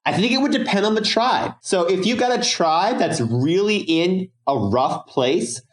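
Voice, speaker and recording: A man co-hosting a podcast in casual chat, explaining calmly and laughing often. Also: high-pitched, unhurried, reverberant. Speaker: podcast co-host.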